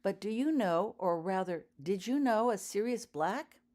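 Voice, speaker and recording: A woman voicing a polite, eager young girl in an audiobook reading, sounding hopeful and bright. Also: medium pitch, expressive, measured pace, pitched above the performer's own voice, natural voice.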